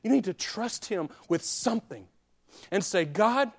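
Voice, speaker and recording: Man, 30s, pastor, sermon, lively emphatic delivery. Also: sits high, normal speed, husky. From Alabama. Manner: swings from hushed confession to loud emphatic preaching.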